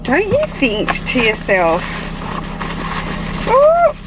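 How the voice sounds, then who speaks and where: A woman's voice: medium pitch, lively intonation, slow, background noise. Chatty Australian woman vlogging. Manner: chatty, rambling, giggly asides. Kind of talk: casual vlog chat. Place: in a car, then at home.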